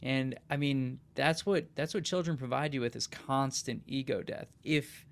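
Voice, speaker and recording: A man hosting a laid-back podcast, talking with plenty of emphasis. He keeps dropping "dude" and "man" into his sentences, and his voice has a gravelly, fry-laden edge. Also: mid-range voice, moderate pace. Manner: emphatic, peppers talk with "dude", "man" and "right?". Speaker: podcast host. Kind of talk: casual podcast conversation.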